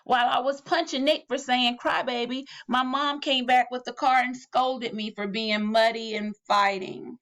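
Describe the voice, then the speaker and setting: With a normal pace and few pauses, a female teacher reads aloud from a children's picture book. Her delivery is animated, and she drops her voice low whenever the refrains come back around.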